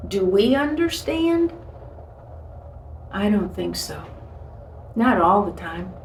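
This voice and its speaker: A woman's voice: mid-range voice, very animated, takes it slowly, gravelly. A woman giving a short devotional talk, earnest and storytelling. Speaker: devotional speaker. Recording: echoey room, voice from a distance, faint hiss.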